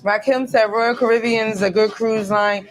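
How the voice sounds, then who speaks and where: A woman's voice: on the high side, fairly even intonation, moderate pace, soft background music. Chatty woman hosting a live stream. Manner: chatty, talks straight to viewers, loose storytelling. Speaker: live-stream host reading viewer comments. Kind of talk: casual live chat. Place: cruise ship cabin.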